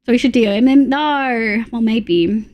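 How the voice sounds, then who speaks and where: Aussie woman streamer yapping w chat, kinda high voice, quick little asides. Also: a little mellow. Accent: Australian. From Australia. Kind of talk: casual live-stream chat.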